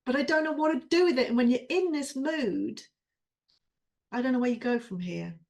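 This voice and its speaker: A woman's voice: high voice, moderate pace, vocal fry, darkish tone. A woman co-host venting her frustrations in a coaching chat, rambling and exasperated, with swearing. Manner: rambling, with self-interruptions. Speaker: podcast co-host. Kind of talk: venting during a coaching session.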